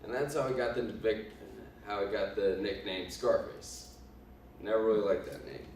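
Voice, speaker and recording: A man playing a cocky 1920s gangster boss in a class presentation, with a put-on Italian accent, talking haltingly with many ums and uhs. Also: on the low side, darkish tone, slight background noise, lightly acted. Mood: boastful. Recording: echoey room from far off.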